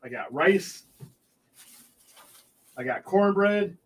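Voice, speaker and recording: A man from California hosts a live stream show, chatting loosely and greeting viewers by name. His voice sits high and is expressive, and he speaks extremely slowly.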